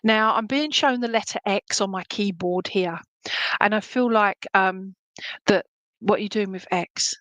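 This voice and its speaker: A woman's voice: medium pitch, unhurried, fairly bright tone, no room sound, poor audio. A middle-aged woman serving as a spiritualist medium, giving rambling, affectionate clairvoyant readings at an online church service, with many fillers and restarts.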